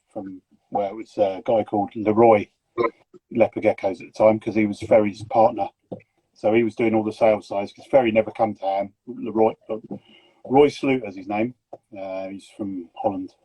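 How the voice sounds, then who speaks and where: Yorkshire bloke, middle aged, husky voice, jokey rambling chat on a phone call, dry sound. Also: male voice, fairly low pitch, no echo. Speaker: guest gecko breeder. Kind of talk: casual banter on a live stream. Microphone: phone on a video call.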